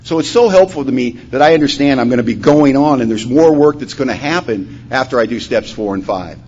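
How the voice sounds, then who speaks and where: A man telling his recovery story at a conference, acting out the dialogue, his voice rising loud and dropping to a hush. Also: mid-range voice, lively intonation, fairly quick. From Washington state, USA. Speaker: recovery meeting speaker. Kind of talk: personal testimony talk. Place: conference hall. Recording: dull lo-fi conference recording, faint hum.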